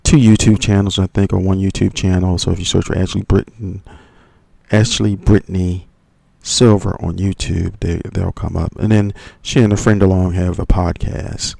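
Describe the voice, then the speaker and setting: A man's voice: low voice, little pitch movement, moderate pace, vocal fry, dark tone, no echo. A man hosting a channel, recapping podcast drama with a hesitant, filler-heavy delivery. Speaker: channel host. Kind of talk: commentary recap.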